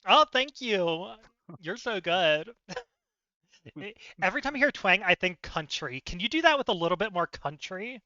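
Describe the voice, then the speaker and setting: Giggly, self-deprecating tabletop player, a man with a high, very bright voice, dry and slightly lo-fi. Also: very animated, moderate pace, no room sound. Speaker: solo campaign player. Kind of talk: casual live-stream tabletop chat.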